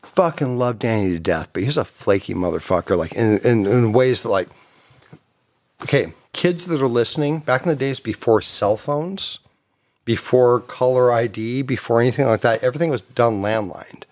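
A man's voice: mid-range voice, normal speed. A man in his fifties from California, telling a long casual anecdote, swearing heavily, rambling, and laughing often. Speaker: storyteller guest.

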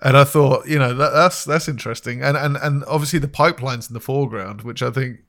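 A man's voice: mid-range voice, fast talker, a bit bright. Man musing on film craft. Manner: thoughtful, hedging film analysis. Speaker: podcast co-host. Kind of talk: casual interview chat.

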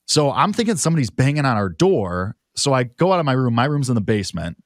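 A man's voice: mid-range voice, big pitch swings, fast talker, no echo, clean studio sound. Chatty man rambling through a story. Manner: rambling anecdote full of "like" fillers. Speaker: co-host telling a story. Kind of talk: casual chat.

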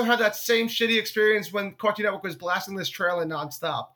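High, bright young man on a podcast. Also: brisk, hardly any pauses. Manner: animated, swearing, jokey impressions. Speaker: podcast co-host. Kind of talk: casual podcast chat.

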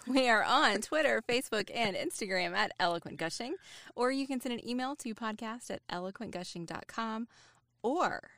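Lady cohost, playful, super animated voice, bright. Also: a little high, no room sound, clean studio sound. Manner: lively, playful, quick to laugh. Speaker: podcast co-host. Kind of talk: casual podcast chat.

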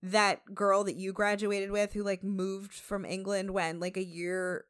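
A woman's voice: medium pitch, unhurried, clean tone. An American woman co-hosting a podcast, recapping a show in casual, chatty talk full of fillers. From United States. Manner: chatty, animated, many fillers. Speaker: podcast co-host.

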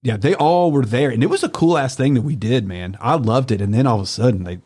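A man's voice: mid-range voice, quick pace, slightly rough. A man in casual chat, telling stories and acting out the people in them. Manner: laid-back, acts out quotes in animated voices.

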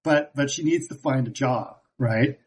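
A man with a middle-pitched voice walks through a story in a loose, easygoing way. He often stops to search for words and fills the gaps with "uh". His delivery stays relaxed and conversational. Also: measured pace, poor audio. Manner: hesitant, many fillers. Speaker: podcast co-host. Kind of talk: casual chat.

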